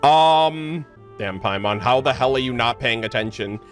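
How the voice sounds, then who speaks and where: A man reacting to a story game as a streamer, loud, excitable and slangy. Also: mid-range voice, normal speed, faint music behind.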